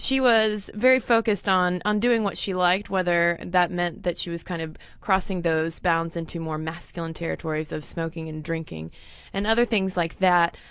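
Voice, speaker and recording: A woman's voice: lowish voice, moderate pace, a bit bright, clean tone, no echo. A woman co-hosting a casual history podcast, laughing easily and thinking aloud with fillers. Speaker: podcast co-host.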